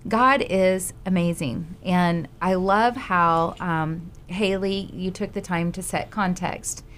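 Woman, bible study leader, encouraging, lower voice, faint background noise. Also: steady tone, slow, fairly bright tone. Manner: encouraging, praising. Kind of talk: leading a group discussion.

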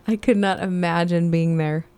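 A woman in a casual Bible study reads scripture aloud plainly. Her voice is low and mellow, and the recording is dry and close. She answers in discussion with a warm, sincere manner. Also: steady tone, normal speed, no echo.

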